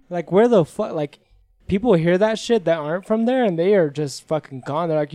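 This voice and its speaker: A man's voice: high voice, moderate pace. A man co-hosting a podcast, swearing and laughing through casual chat. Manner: laughing, profane, animated. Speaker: podcast co-host.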